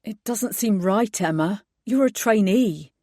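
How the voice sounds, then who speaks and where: A worried young man, as a woman narrator puts him on, pressing anxious questions at his partner in an audiobook. His voice sits low and mellow, recorded dry and close with no room around it. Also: animated, measured pace, dry recording. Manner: pleading, exasperated questioning. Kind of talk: audiobook dialogue.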